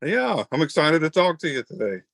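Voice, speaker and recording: Folksy host, rambling and chatty. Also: male voice, a little high, sing-song, fairly quick, gravelly, a bit bright, no room sound. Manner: folksy, rambling, self-deprecating. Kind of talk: casual interview chat.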